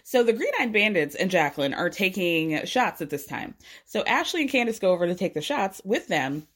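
A woman giving a casual, opinionated recap of a reality TV episode, animated as she retells the drama. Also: medium pitch, a little fast. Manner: opinionated, animated retelling with frequent laughs and sighs.

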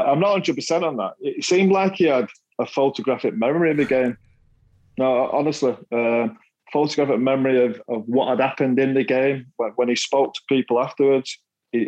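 A man's voice: mid-range voice, a little mellow, muffled recording. Laughing Mancunian man telling stories. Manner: self-deprecating, laughs often, repeats words. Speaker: guest, former footballer. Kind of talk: casual storytelling chat.

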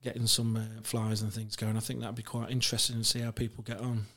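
Rambling man, flat voice. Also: lowish voice, fast. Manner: rambling, many fillers and restarts, laughs while telling stories. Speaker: guest. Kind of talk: casual chat, telling anecdotes.

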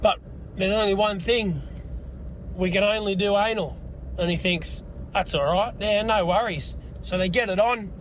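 A man's voice: high-pitched, moderate pace, slight background noise. An Australian man calling in and telling a crude, rambling joke as a voice message. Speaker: caller.

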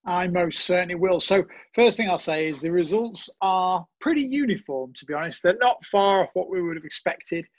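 A man's voice: high voice, lively intonation, moderate pace, few pauses, dry recording, lo-fi sound. A man co-hosting a casual podcast, jokey and easygoing, teasing his friend. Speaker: podcast co-host.

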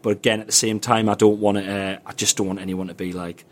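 A comedian in casual chat, rambling and restarting, his pitch jumping when he gets enthused. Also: level tone, fast talker. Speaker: comedian and podcast guest.

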